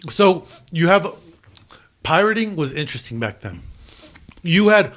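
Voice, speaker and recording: A man's voice: a little high, big pitch swings, measured pace, fairly bright tone. A man who spoke Spanish as a child, with a slight lisp, co-hosting a casual chat at home and rambling as he explains history. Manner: rambling, repeats words while explaining history. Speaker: co-host. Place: home in New Mexico.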